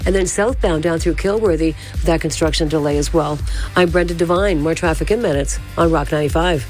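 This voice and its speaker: Brisk woman radio traffic reporter. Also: low-pitched, faint music behind. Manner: brisk, matter-of-fact.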